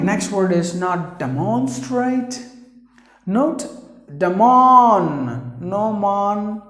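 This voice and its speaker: A man with an Indian English accent teaching pronunciation, spelling out sounds and repeating words slowly and earnestly. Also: fairly high pitch, darkish tone, roomy sound. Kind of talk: pronunciation lesson. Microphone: camera operated by his wife.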